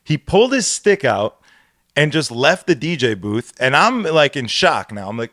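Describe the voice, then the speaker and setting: A man's voice: medium pitch, normal speed, no room sound. Profane storytelling man on a dry mic. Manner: profane, animated storytelling with acted quotes. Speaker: podcast co-host. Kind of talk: casual podcast chat.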